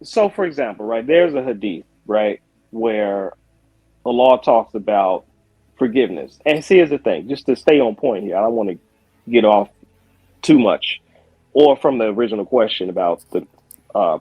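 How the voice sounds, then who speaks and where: A man taking part in a casual spoken debate over a video call, talking in loose asides and quick self-corrections. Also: on the low side, expressive, slightly rough, no echo, highs cut off. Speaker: Muslim guest in a debate.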